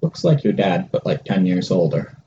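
A man running a tabletop game as game master, calm and matter-of-fact about the rules. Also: deep voice, normal speed, lo-fi sound, slight background noise.

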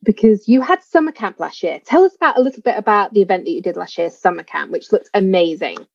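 A woman's voice: medium pitch, animated, quick pace, vocal fry, darkish tone, dry recording. Effusive woman host, lo-fi sound. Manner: effusive, gasping and exclaiming reactions. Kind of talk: interview hosting. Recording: dull lo-fi sound.

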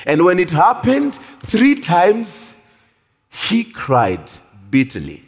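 Male preacher, high voice, slow and emphatic, sermon in a reverberant hall. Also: slightly rough. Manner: animated, drawn-out emphatic delivery. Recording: long reverb of a large hall.

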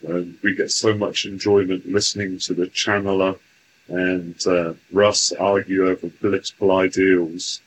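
A man speaking formally in a stilted, deliberate way as the voice in a channeling session, telling a joke and chatting with guests. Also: deep voice, little pitch movement, a little hiss or hum, poor audio.

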